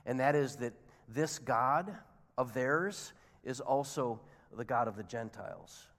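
A man's voice: medium pitch, unhurried, fairly bright tone. A man preaching a sermon, telling the story expressively and acting out the characters' lines. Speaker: pastor. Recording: long hall reverb.

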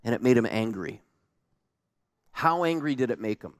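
A male pastor preaching a sermon in a conversational, animated way, full of rhetorical questions. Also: medium pitch, moderate pace, in a large hall.

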